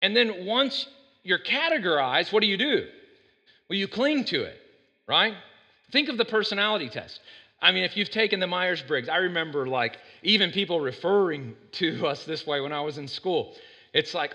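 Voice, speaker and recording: Man, pastor, sermon, bright tone, slightly high voice, long hall reverb. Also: normal speed. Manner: conversational, keeps asking the room "right?"; animated, jumps in loudness when stressing points.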